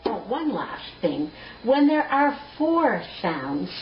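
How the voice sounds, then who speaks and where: A woman music teacher, giving a slow, patient, clearly spoken lesson. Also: a little high, very animated, slight background noise. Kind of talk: recorded classroom lesson. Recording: echoey, dull lo-fi room recording.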